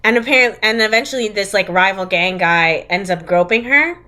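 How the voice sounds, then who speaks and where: A woman's voice: medium pitch, brisk, sharp tone. A young woman co-hosting a podcast, sarcastically recapping a movie in casual chat and acting out quotes. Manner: sarcastic recapping, acts out quotes, giggles often. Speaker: podcast co-host.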